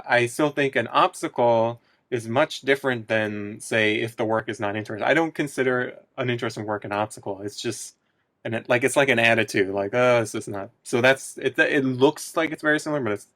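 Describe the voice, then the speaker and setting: A man presenting his research study, talking through the results with frequent pauses, fillers and restarts. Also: medium pitch, fairly bright tone, dry recording. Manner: hesitant, many fillers and restarts.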